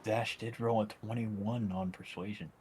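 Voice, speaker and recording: A man's voice: fairly low pitch, steady tone, measured pace, a little mellow, breathy edge. A man playing in a tabletop game, casually narrating what his character does. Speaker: player.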